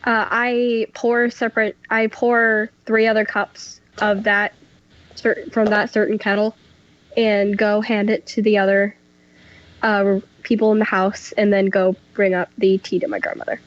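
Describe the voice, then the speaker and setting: Woman, tabletop player, mid pitch, muffled lo-fi sound. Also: little pitch movement, measured pace. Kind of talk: playing a character in a tabletop game.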